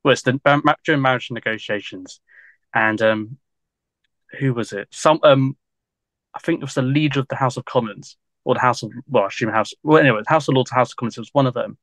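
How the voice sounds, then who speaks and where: A man's voice: medium pitch, quick pace, a bit bright, dry recording. A man, a guest historian in a casual podcast interview, talking in a loose, rambling way full of fillers and frequent laughs.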